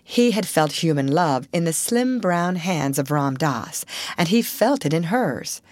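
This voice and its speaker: A woman narrating an audiobook story in an expressive, measured way. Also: deep voice, dry recording.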